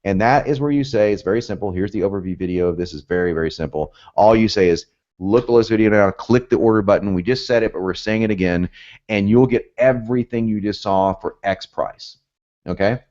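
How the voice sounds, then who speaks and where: On a muffled recording, a man talks fairly quickly in a fairly low, slightly mellow voice. His energetic copywriting class is emphatic and pumped up, heavy on repetition and tangents. The accent is Southern US with hints of the North, reflecting roots in both parts of the United States.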